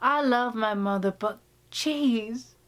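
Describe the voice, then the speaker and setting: A woman's voice: a little high, takes it slowly, a bit bright. A woman vlogger chatting casually indoors, telling a story with laughs and many restarts. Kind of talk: casual chat. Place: indoor room.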